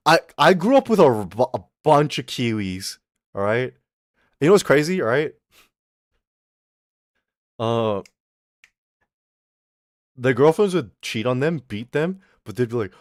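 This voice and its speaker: A young man chats loosely on a livestream, cursing and chuckling as he rambles. His pitch swings widely, rising and falling as he talks. The sound is close and dry. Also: lively intonation, measured pace, pauses often, no room sound. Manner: rambling, profane, laughing often. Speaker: streamer. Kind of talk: casual livestream chat.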